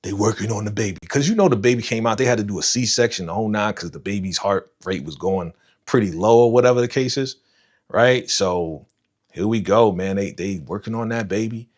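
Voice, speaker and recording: A man with a somewhat low voice hosts a live reaction stream, talking in a loose, slangy way. He is animated as he retells scenes and talks straight to his chat viewers by name. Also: brisk. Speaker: livestream host reacting to a TV episode. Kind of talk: casual live reaction commentary.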